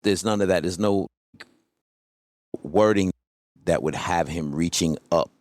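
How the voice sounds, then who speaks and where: A man guesting on an interview, telling stories in a relaxed way and often asking "you know what I mean". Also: deep voice, a little slow, dry recording, clean studio sound. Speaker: guest, coach. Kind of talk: casual interview storytelling.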